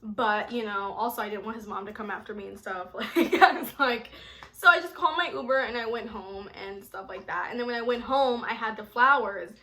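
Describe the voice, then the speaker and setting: A young adult woman telling a personal story in a casual vlog, animated and chatty, full of filler words. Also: on the high side, a little fast. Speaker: vlogger.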